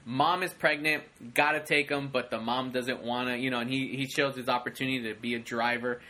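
A young man co-hosting a casual movie chat, rambling and excitable with many restarts. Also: medium pitch, brisk. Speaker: podcast co-host.

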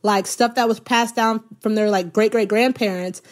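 A woman comedy writer chatting casually, telling stories in an animated way and acting out what people said. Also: medium pitch, normal speed. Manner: animated storytelling, acts out quoted people. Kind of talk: casual chat.

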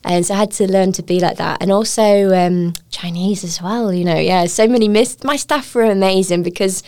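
A woman's voice: mid-range voice, normal speed, darkish tone, clean tone. A woman with an English accent, talking as a restaurant-owner guest in a casual interview, laughing often and acting out quotes. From England.

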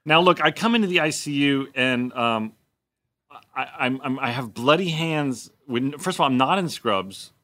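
Male co-host, relaxed and jokey, bright voice, dry close mic. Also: mid-range voice, normal speed, no room sound. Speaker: podcast co-host. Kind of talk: casual chat.

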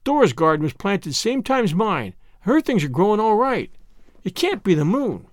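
A man's voice: high-pitched, big pitch swings, moderate pace, no echo, studio quality. A man voicing a scruffy, mischievous little boy with folksy, slangy talk in a storybook reading. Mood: earnest.

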